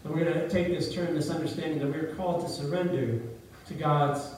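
Middle-aged preacher guy telling a story, kinda high voice, big echoey hall, far from the mic. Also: fairly even intonation, fast talker, mellow, slight background noise. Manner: storytelling, asks the congregation questions. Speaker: pastor. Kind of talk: sermon. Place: church hall. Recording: very echoey hall, heard from a distance.

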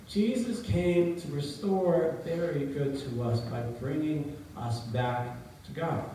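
Heard from afar in a very echoey church hall, a middle-aged pastor tells a story during his sermon and keeps asking the congregation questions. He has a warm voice that sits high, with a little hiss or hum on the recording.

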